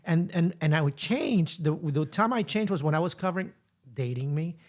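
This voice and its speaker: A podcast co-host, a man with a Spanish accent and a fairly high voice. He tells his stories with animation, drifting between English and Spanish as he talks. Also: lively intonation, normal speed. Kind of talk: casual chat.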